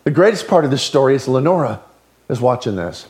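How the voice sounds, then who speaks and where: Delivering a sermon, a male pastor tells stories with animation, his volume swinging from loud to hushed. He has a mid-range voice and a brisk pace.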